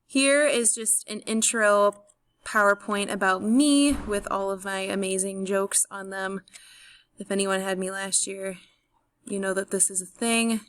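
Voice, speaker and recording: A young woman teacher walks through a recorded class overview over a screen recording. Her voice sits at an ordinary middle pitch. She is friendly and organized, with an um now and then. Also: unhurried, a bit bright. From St. Louis, USA. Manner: friendly, organized, with frequent ums. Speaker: high school chemistry teacher.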